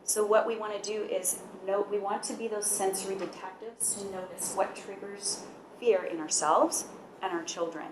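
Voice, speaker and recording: Calm-speaking school counselor woman. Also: mid-range voice, normal speed, background noise. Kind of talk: presenting at a parent talk.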